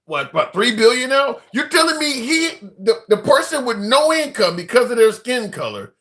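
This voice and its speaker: A man hosting a live debate show, calmly asking pointed questions. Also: very high-pitched, normal speed. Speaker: host.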